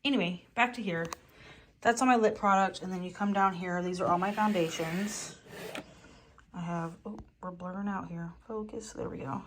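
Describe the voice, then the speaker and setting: A woman's voice: fairly low pitch, fairly even intonation, normal speed, noisy background. A young woman chatting casually through a room tour at home, interrupting herself and swearing offhand as she goes. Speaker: beauty vlogger. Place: home room being toured.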